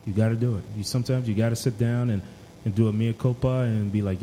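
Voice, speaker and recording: A man's voice: lowish voice, steady tone, fairly quick, dark tone, slight background noise, low-quality recording. A man co-hosting a podcast, speaking in a slangy, encouraging way and repeating phrases for emphasis. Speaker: podcast co-host. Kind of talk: casual chat.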